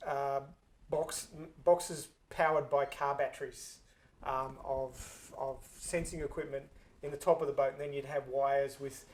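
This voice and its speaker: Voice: mid-range voice, steady tone, a little slow. A player in casual tabletop game chat, making wry, joking asides.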